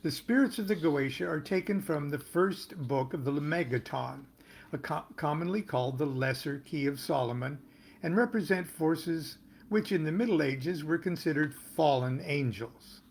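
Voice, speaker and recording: An older American man reading aloud from his own tarot booklet, pausing to explain terms and make small jokes. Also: a little high, vocal fry, husky. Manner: unhurried, stops to explain and joke. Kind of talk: casual reading with asides.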